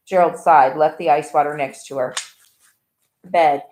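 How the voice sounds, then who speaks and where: A woman reading a novel aloud in an even, plain way with small slips. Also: deep voice, measured pace, pauses often. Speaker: audiobook reader. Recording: echoey room.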